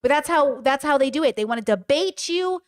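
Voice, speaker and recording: Woman with a somewhat high voice for a casual livestream; blunt, animated and emphatic delivery. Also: fairly quick. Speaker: livestream commentator. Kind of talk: casual livestream storytelling and commentary.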